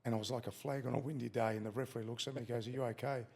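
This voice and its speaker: Very fast speech in a gravelly, slightly mellow voice marks this middle-aged Australian man, a former fighter guesting on a podcast. His pitch is medium and his tone steady as he casually tells a story, swearing freely and performing quotes.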